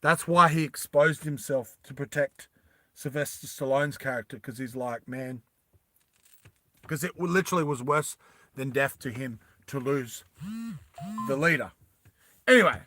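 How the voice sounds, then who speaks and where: Man, casual storytelling, rambling, bright voice, dry close sound. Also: mid-range voice, moderate pace, no room sound. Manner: rambling, animated, with many fillers.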